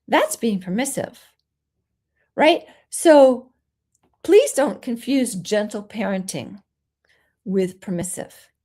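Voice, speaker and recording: A woman parenting coach giving a solo talk, explaining calmly and acting out soothing things a parent might say. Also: medium pitch, slow, long pauses. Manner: gentle, explanatory, acts out soothing parent lines.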